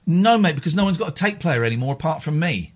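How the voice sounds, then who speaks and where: A man hosts a radio phone-in and teases his callers in quick-witted, playful banter. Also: a little high, lively intonation, a little hiss or hum.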